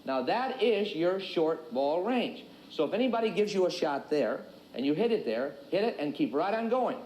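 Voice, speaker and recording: A man coaching tennis in a folksy, joking, energetic way. His voice sits high and swings widely in pitch. It is recorded in a roomy, echoey space. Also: normal speed. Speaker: tennis instructor. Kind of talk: instructional video lesson.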